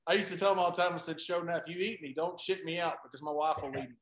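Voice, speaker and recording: A man telling anecdotes in a casual chat, animated and acting out what people said, often laughing. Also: fairly high pitch, rapid-fire, echoey room.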